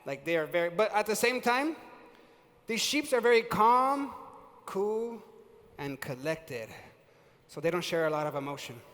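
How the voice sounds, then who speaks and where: Guy with a high voice running a pumped-up sales seminar, keeps asking the crowd stuff, long hall echo. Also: unhurried, long pauses. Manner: energetic, quizzes the audience, casual slang. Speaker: sales and leadership trainer. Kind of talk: live motivational seminar talk. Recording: reverberant hall.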